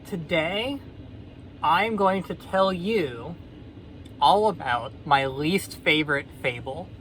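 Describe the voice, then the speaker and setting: A woman vlogger telling a fable in a casual, sardonic, rambling way with deadpan asides. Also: sits low, a little hiss or hum. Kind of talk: casual storytelling commentary.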